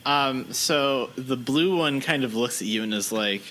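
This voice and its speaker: A man narrating as game master of a tabletop role-playing game, relaxed and conversational. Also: medium pitch, normal speed, hardly any pauses, slight background noise.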